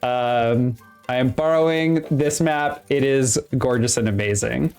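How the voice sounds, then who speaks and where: A game master narrating a tabletop game, halting often with fillers and restarts. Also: mid-range voice, a little mellow, clean tone, soft background music.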